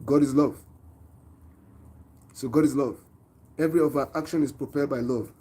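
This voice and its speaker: A man with a Nigerian accent speaks to his viewers in an earnest opinion monologue, preaching his view and throwing rhetorical questions at them. His voice is warm and mellow with a husky edge, pitched mid-range for a man. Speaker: online show host.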